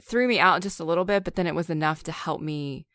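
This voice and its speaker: A woman co-hosts a relaxed film podcast, her voice sitting on the low side. She shares trivia with enthusiasm and quizzes her co-hosts, all recorded dry with no room sound. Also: fast, no echo. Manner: chatty, shares trivia and asks the others questions. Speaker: podcast co-host. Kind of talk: casual film discussion.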